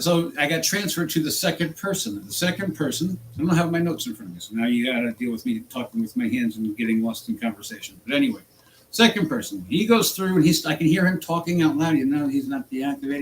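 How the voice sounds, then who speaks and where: A man's voice: slight background noise, rough recording. Furious man ranting about his job. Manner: angry, exasperated ranting with pitch jumps. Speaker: rideshare driver and channel host. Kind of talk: ranting vlog.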